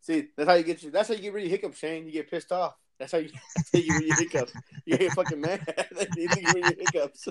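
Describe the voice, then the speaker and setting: A man's voice: on the high side, steady tone, fast, a bit bright. A man co-hosting a podcast, teasing the others with profanity and laughter in casual banter. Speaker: podcast co-host.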